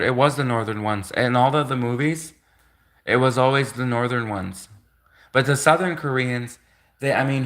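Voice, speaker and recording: Canadian guy rambling on his livestream, sharp bright voice, lots of "like". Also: medium pitch. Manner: rambling, full of "like" fillers and restarts. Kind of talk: casual rambling livestream chat.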